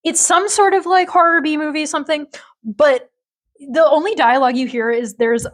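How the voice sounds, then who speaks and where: A woman's voice: sits high, moderate pace. A young adult woman co-hosting a podcast, casually recapping a TV episode, laughing often and quoting characters in put-on voices. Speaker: podcast co-host.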